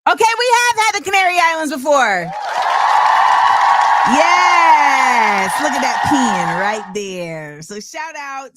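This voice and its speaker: A woman's voice: high voice, big pitch swings, moderate pace, few pauses, a loud crowd, very noisy. A woman hosting a casual livestream show, playful and sing-song, reading out where viewers are watching from. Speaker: host.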